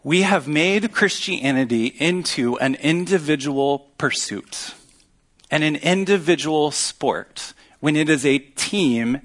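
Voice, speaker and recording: Earnest pastor preaching, slightly high voice. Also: male voice, animated, fairly bright tone. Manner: earnest, teaching with emphatic pauses. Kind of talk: sermon.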